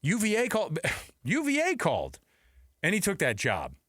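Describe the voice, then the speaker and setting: A man's voice: high voice, huge pitch swings, moderate pace, fairly bright tone, no room sound, clean studio sound. A man co-hosting a sports radio show, talking emphatically and acting out quotes with rhetorical questions. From United States. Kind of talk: animated sports talk.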